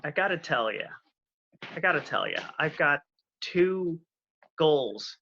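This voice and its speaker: A man's voice: on the high side, lively intonation, slow, gravelly, pushed and bright, dull audio, a little hiss or hum. A young man joining a casual chat as a guest over a video call, upbeat and affectionate.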